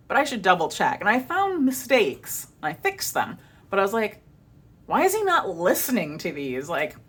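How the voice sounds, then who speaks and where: A young woman talks casually to her camera as a vlogger and audiobook narrator. She is chatty and animated and fills her talk with "like." Her voice sits a little low but leaps around a lot in pitch as she acts out her own reactions.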